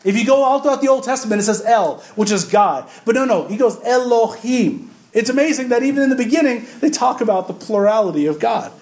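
A pastor preaching a sermon in an emphatic, conversational way, repeating words and asking the congregation questions. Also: male voice, extremely high pitch, animated, fairly quick, few pauses, darkish tone, reverberant. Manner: addresses the congregation directly with questions.

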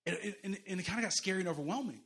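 A man's voice: high-pitched, expressive, rapid-fire, a bit bright. A middle-aged pastor preaching a sermon, a man who tells stories animatedly and acts out the voices he quotes.

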